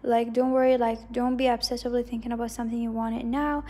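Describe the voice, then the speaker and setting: A woman's voice: fairly high pitch, flat delivery, fast, warm tone. A woman giving a casual psychic tarot reading, rambling and hedging as she repeats herself. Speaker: tarot reader.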